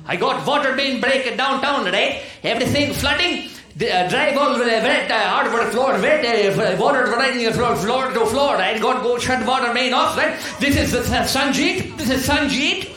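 A comedian voicing a flustered male construction foreman who speaks broken English in rapid bursts, repeating "right?" in an echoey club. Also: very high voice, bright, forceful tone, slight background noise, voice pushed up. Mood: panicked.

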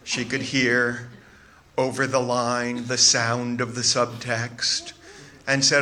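A man telling a comic story live with a dry, deadpan delivery, in a noisy recording. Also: medium pitch, takes it slowly. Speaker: comedic storyteller.

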